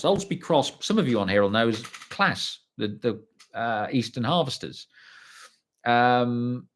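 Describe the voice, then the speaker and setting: A man, telling a story on a livestream and reading out viewer comments, chatty and blunt, swearing freely. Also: mid-range voice. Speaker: livestream host.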